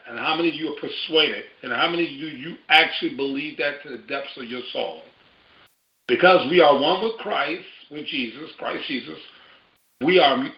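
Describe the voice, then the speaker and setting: A man preaching a sermon on a church call, steady and putting questions to his listeners. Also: on the high side. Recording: roomy, muffled lo-fi audio.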